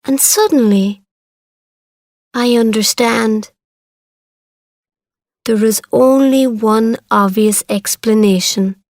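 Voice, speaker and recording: Slow, careful woman storyteller. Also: on the high side, a little mellow, no room sound, clean studio sound. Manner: slow, clear, careful reading. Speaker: story narrator. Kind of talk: scripted storybook narration for English learners.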